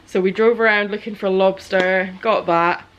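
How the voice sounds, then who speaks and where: A woman, chatting casually to camera in her small business vlog, animated and laughing as she tells a story. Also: mid-range voice, normal speed, a little hiss or hum. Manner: animated storyteller, acts out quotes, laughs often.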